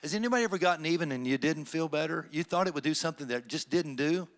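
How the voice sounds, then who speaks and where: A man preaching a sermon as pastor, swinging between loud emphatic stretches and low, conversational asides. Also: animated, very fast. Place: church sanctuary.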